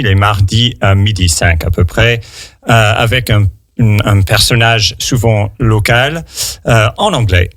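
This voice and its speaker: A man's voice: on the low side, fairly bright tone, dry recording. Hesitant male radio host, dry studio sound. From United States. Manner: slow, hesitant, many fillers. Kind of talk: bilingual radio interview for learners.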